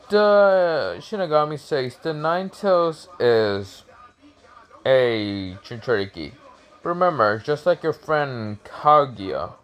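A man's voice: mid-range voice, very animated, slow. A young man improvising a fan story, rambling and profane, with many fillers and restarts.

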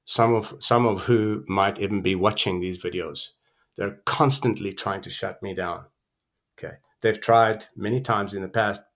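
A man's voice: lowish voice, gravelly, a bit bright. A man hosting his own channel, ranting about math in a combative, contemptuous way, out of breath and prodding with "okay?". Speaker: channel host. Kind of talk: scornful math rant to camera.

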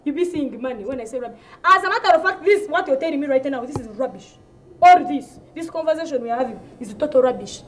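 A woman's voice: high voice, lively intonation, quick pace, slight background noise. A woman from Uganda with a Ugandan English accent, performing a comedy sketch with an indignant, ranting delivery that repeats itself for effect.

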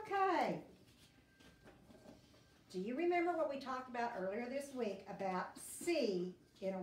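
Slow, patient woman teaching phonics. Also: medium pitch. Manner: slow, patient, sounds words out in chunks. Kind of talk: phonics lesson for young children. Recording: roomy, distant classroom recording with faint hiss.

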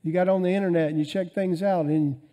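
A male pastor preaching a sermon, swinging between loud emphasis and quiet asides. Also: sits high, steady tone, fast.

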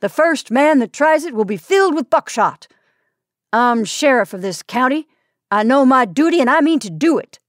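A woman voicing a stern, defiant middle-aged male sheriff who speaks loudly and firmly. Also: fairly high pitch, dry recording, clean studio sound, close to an everyday voice. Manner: loud, firm, deliberate.

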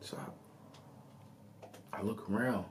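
Man, very low voice, podcast host, casual storytelling, chatty asides. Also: extremely slow, heavy background noise. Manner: conversational, animated retelling with asides.

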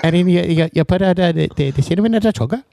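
Man doing a put-on Mexican accent, rambling pastry explainer, high voice, quick, stumbling repeats. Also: vocal fry, dark tone. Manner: halting, repetitive, stumbling over words. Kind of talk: comedic improv impression.

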